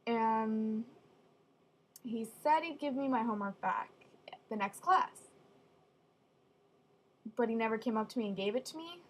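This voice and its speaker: A young woman telling funny stories casually, with deadpan asides. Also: fairly high pitch, a little slow, pauses often. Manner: chatty, deadpan asides, acts out quoted voices. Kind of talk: casual storytelling.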